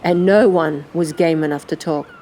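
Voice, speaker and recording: A woman narrates an audiobook with a low-pitched voice. Her reading is steady and measured. A faint background hiss runs underneath. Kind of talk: scripted narration.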